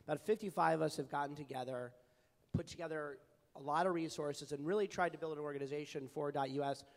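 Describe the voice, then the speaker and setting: A young man with a fairly high voice speaks earnestly on a panel, telling personal stories with plenty of fillers and restarts. His voice rings out with a long reverb, as if he is in a large hall. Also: quick pace. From California. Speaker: panelist, advocacy group founder. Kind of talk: panel discussion. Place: large hall at a public forum.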